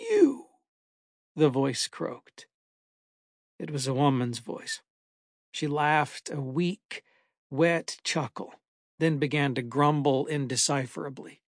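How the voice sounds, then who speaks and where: A man reading a first-person horror story aloud in a measured, dramatic way. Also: medium pitch, dry recording, clean studio sound. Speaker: narrator. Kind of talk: scripted horror story narration.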